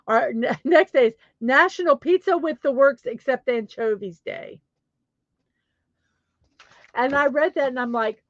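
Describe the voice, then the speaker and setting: Southern lady chatting slow, bit high voice, giggly and self-deprecating, dry muffled sound. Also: no room sound. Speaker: host of a daily positivity show. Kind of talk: casual solo chat.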